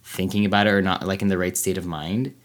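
Deep-voiced man, hesitant podcast chat. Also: flat delivery, fast. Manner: hesitant, lots of fillers. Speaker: podcast co-host. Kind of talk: casual chat.

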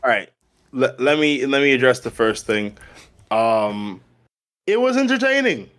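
A comedian from Baltimore, a man, talking as a podcast guest in an emphatic, expressive way, driving points home by repeating himself. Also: medium pitch, a little slow. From Baltimore, Maryland. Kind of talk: casual podcast chat.

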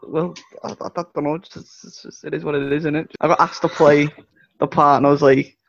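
A man's voice: a little high, flat delivery, fairly quick, gravelly. A man chatting as a guest in a casual, laid-back and offhand way. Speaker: guest actor. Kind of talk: casual podcast chat. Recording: dull dry recording, slightly off-mic.

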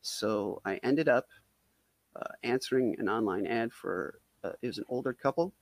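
A man tells a comedic story in a loose, rambling way, full of "like" and "uh" fillers. His voice sits at an ordinary middle pitch. The sound is dry and close, with little room in it. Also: normal speed, no echo. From Wisconsin. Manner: rambling, heavy on "like" fillers, self-deprecating. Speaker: storyteller guest.

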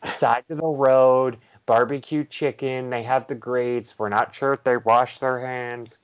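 A man co-hosting a podcast, reading out beer facts slowly with lots of ums and dry humor. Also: medium pitch, fairly even intonation, clear, resonant tone, highs cut off. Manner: slow, hesitant, many ums, dry humor. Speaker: podcast co-host. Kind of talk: casual podcast chat. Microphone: headphones on, studio mic.

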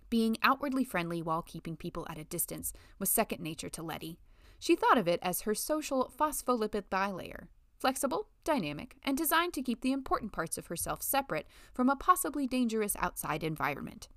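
Measured woman narrating a novel. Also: medium pitch, very animated, a bit bright, no room sound, clean studio sound. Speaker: audiobook narrator. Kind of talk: scripted narration.

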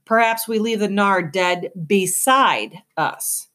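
A woman's voice: mid-range voice, slow pace, a bit bright, pitched above the performer's own voice. A woman voicing a hot-headed young male warrior who snarls his lines defiantly in an audiobook. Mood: snarling. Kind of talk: audiobook character voice.

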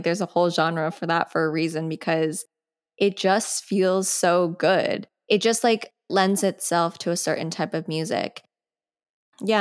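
A young woman in her twenties talks through her thoughts on her own podcast. Her voice sits a little low, and her speech is loose and conversational, full of "like" and quick side tangents. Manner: chatty, sidetracked, frequent "like". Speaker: podcast host. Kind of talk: casual solo podcast talk.

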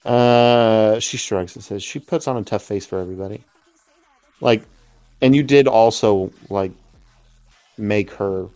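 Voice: mid-range voice, a little mellow. A game master narrating a tabletop role-playing game over voice chat, hesitant and full of fillers.

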